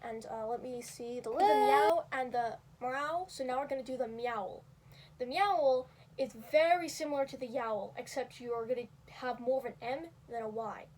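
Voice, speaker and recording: A young woman with a high, light voice talks through a casual tutorial, full of "um" and "like" and quick asides at her own expense. She sounds a little away from the mic, with a faint hiss under her voice. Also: darkish tone, recorded from a distance. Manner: rambling, filler-heavy, self-deprecating. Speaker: video creator teaching cat vocals.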